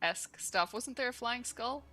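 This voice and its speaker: A woman's voice: on the high side, expressive, normal speed, bright, forceful tone. A woman playing in a tabletop game, eager and thinking aloud as she decides her moves. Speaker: player.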